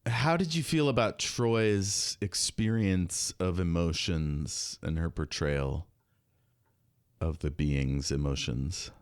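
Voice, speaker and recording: A man's voice: low voice, clear, resonant tone, no room sound, studio quality. A man hosting a podcast, chatting casually and joking often. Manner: joking, chatty, quick to laugh. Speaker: podcast host. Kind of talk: casual chat.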